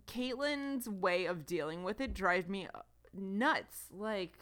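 A woman's voice: mid-range voice, lively intonation, slow, fairly bright tone. A woman co-hosting a podcast in casual chat, frank and casually swearing. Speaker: podcast co-host.

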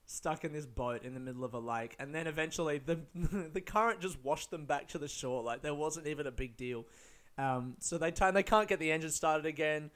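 Young Aussie guy, somewhat high pitch, casual anecdote, rambles with fillers and cussing. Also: fairly quick, fairly bright tone. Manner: rambling, lots of fillers and swearing, laughing often. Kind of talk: casual storytelling.

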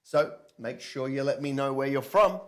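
Energetic man preaching online. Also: mid-range voice, moderate pace. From London and Australia. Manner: energetic, calls on viewers to respond. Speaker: preacher and business coach. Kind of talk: livestreamed sermon.

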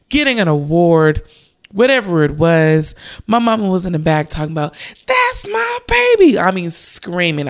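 A young woman hosting a devotional podcast, talking earnestly and encouragingly with slow emphasis. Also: lowish voice. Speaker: podcast host.

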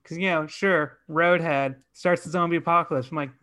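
High, bright male co-host; casual film chat, animated and profane. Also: fairly quick. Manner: animated, swearing, acts out his own reactions.

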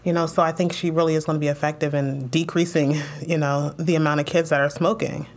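A woman's voice: deep voice, fast. A young woman legislator being interviewed, talking emotionally and animatedly about her work and family. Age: young adult. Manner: emotional, animated storytelling with laughs. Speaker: state legislator.

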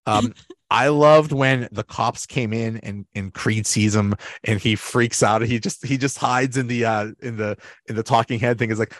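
A man's voice: medium pitch, moderate pace, dry recording. Chatty man podcast host, dry sound. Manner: chatty, laughs often, acts out quotes. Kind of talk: casual chat.

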